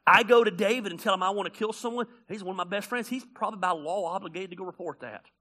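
Delivering his sermon fast and high-pitched, this male preacher is blunt, jokey, and conversational. His animated delivery lurches from loud outbursts to hushed asides.

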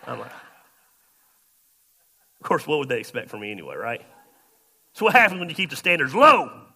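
A man preaching a sermon through a long personal story. His voice is gravelly and bright, and it jumps from quiet, muttered asides to sudden loud exclamations. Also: mid-range voice, big pitch swings, normal speed. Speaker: pastor.

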